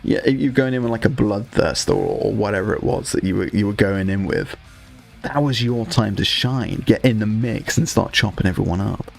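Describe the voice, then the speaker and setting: Soft music sits behind a young British hobby streamer whose voice is fairly low and creaky, delivered at a moderate pace. With his British accent, he chats casually to his live-stream audience, joking and swearing with the chat.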